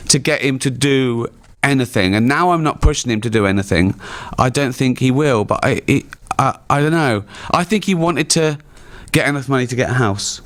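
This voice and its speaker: A man's voice: medium pitch, normal speed, hardly any pauses. Laughing English man telling stories. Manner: animated, laughing storyteller. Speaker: guest comedian. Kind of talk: casual storytelling chat. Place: town hall stage before an audience.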